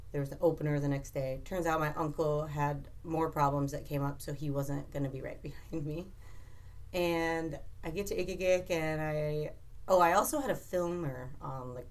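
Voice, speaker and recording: Guest: a young woman boat captain with a low voice, casual and animated, lots of "like". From Alaska. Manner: animated, laughing, lots of "like" and quoted speech. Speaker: commercial fishing captain, podcast guest. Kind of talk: casual storytelling.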